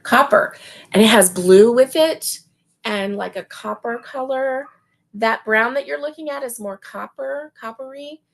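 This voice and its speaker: Woman, gravelly, slightly high, slow and gushing chat. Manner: gushing, slow and chatty, laughs often. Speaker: host. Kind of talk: casual chat showing yarn.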